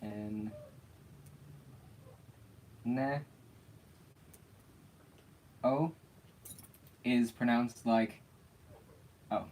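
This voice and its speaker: A man leads a laid-back livestream lesson on a made-up alphabet, speaking very slowly. He is playful and laughs easily between letters. Faint background noise sits under his voice. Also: mid-range voice, steady tone, darkish tone. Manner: slow, playful, often laughing. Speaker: teacher of an invented alphabet.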